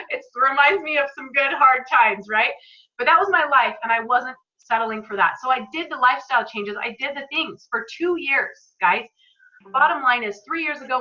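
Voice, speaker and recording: Woman talking on a group call, kinda high bright voice, chatty and earnest, dull lo-fi sound. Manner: chatty, earnest, openly emotional. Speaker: product presenter. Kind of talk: casual talk to a group call.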